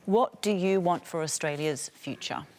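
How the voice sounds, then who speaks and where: A woman hosting a televised studio discussion, asking measured questions in a polite, calm manner. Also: fairly low pitch. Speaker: host.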